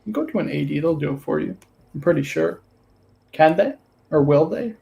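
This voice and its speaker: A man's voice: fairly high pitch, animated, normal speed, gravelly, warm tone, a little hiss or hum. A man co-hosting a casual watch-talk livestream, easygoing but opinionated. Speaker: co-host.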